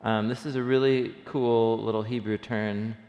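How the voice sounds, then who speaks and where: Gravelly low-voiced man teaching in a hall. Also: level tone, normal speed, darkish tone, muffled recording. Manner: enthusiastic, conversational, thinks aloud with fillers. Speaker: Bible study teacher. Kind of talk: casual Bible study teaching. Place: church room. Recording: long reverb of a hall.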